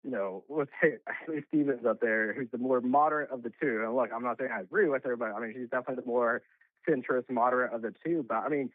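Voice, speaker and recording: A male political commentator calls in over a tinny, phone-like line, speaking quickly and emphatically at medium pitch with frequent filler words. The sound is dry and close, with no echo.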